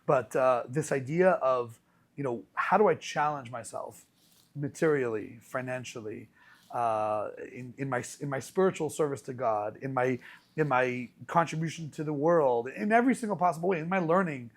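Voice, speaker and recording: A man hosting a podcast as a rabbi, telling stories in a casual, animated way with many restarts. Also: mid-range voice, normal speed. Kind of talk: casual conversational storytelling.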